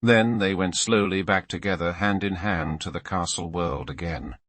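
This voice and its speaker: A male audiobook narrator telling a classic tale in a steady reading voice. His pitch sits low, his tone is bright and forward, and the recording is close and dry. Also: moderate pace, dry recording. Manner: steady storytelling read with voiced characters.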